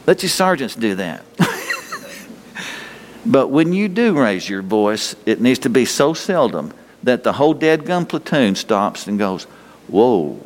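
A man's voice: medium pitch, sing-song, measured pace. Folksy preacher man, long hall reverb. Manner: folksy, rhetorical questions, chuckles often. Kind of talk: sermon.

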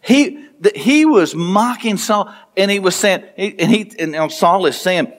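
Pastor, male, high voice; playful sermon delivery, acts out the dialogue. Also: animated, unhurried, few pauses. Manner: storytelling, playful, acts out dialogue with rising pitch.

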